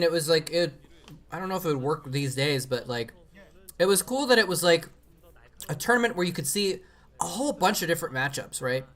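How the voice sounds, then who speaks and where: A man's voice: on the high side, a bit bright. A man casually commenting on an old match during a live stream, rambling with many fillers and restarts.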